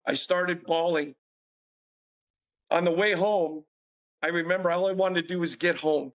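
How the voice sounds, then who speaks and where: A man's voice: fairly high pitch, measured pace, a bit bright. A man telling a personal story as a podcast guest, earnest and confessional, acting out the dialogue he quotes.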